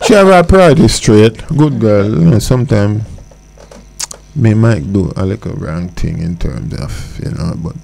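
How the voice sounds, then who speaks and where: A man's voice: lowish voice, expressive, unhurried, gravelly, darkish tone. A man with a Jamaican accent, a guest on a radio show, telling a story in casual talk and laughing as he goes. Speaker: studio guest. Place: radio studio. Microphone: studio mic.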